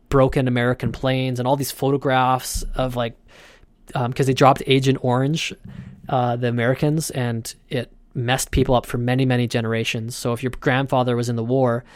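A male podcast host tells a travel story casually, with plenty of animation. His voice is mid-pitched, and the recording is close and dry. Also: clear, resonant tone, no room sound. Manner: animated, acts out his own thoughts.

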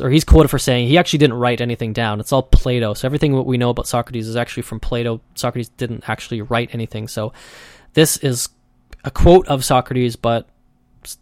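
A man's voice: mid-range voice, steady tone, quick pace, a little mellow, no echo, studio quality. A man hosting his own podcast, talking loosely and conversationally and acting out the voices he quotes. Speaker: podcast host. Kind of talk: casual solo podcast monologue.

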